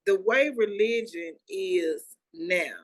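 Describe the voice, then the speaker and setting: A female podcast co-host with a medium-pitched voice speaks slowly as she tells a story. Her casual chat uses loose, conversational vernacular.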